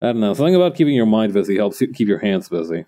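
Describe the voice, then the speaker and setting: A man's voice: on the low side, very animated, rapid-fire, warm tone. A man streaming while he crafts, chatting casually and thinking aloud to his viewers in a rambling way.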